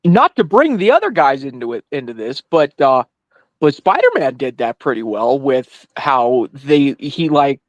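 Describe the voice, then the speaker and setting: A man's voice: mid-range voice, very animated, unhurried, no room sound, muffled recording. A man co-hosting a podcast, chatting casually and agreeably about movies. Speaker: podcast co-host.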